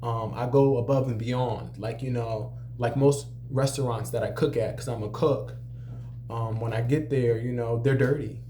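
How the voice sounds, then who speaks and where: Mellow-voiced man telling a story, lots of fillers. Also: medium pitch, moderate pace, a little hiss or hum. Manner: conversational, many "you know" fillers, animated when quoting others. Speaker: restaurant cook. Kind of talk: casual storytelling to camera.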